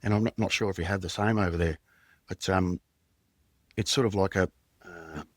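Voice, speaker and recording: A man's voice: low voice, fairly even intonation, moderate pace, dry recording, clean studio sound. A man in his fifties with an Australian accent, a podcast guest telling his story in a plain-spoken, rambling way with slang. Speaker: podcast guest, former undercover detective. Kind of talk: candid storytelling in conversation.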